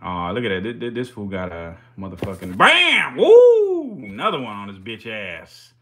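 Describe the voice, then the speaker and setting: A man's voice: low voice, fairly quick, pushed and bright. A man hosting a live stream, giving casual commentary in slangy, profane, hyped-up banter.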